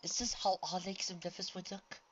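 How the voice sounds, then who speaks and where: A woman voicing a gentle pony princess in disguise who speaks in a formal, old-fashioned way. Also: fairly low pitch, flat delivery, fairly quick, muffled recording, slight background noise, pitched above the performer's own voice, natural voice. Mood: earnest.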